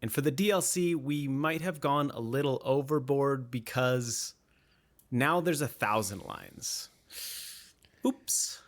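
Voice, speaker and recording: A playful game developer narrating a behind-the-scenes video, joking as he goes. His voice is mid-pitched and even. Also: takes it slowly.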